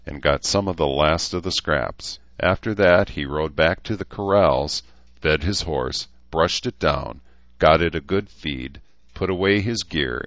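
A man narrating a novel in an even, steady storytelling manner. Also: extremely low pitch, dry recording, dull audio. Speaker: audiobook narrator. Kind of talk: scripted narration.

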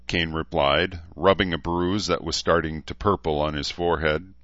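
Low-voiced guy reading an audiobook, steady, dry and a bit dull-sounding. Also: normal speed, hardly any pauses, dry recording. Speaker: audiobook narrator. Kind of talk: scripted narration. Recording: slightly dull lo-fi recording.

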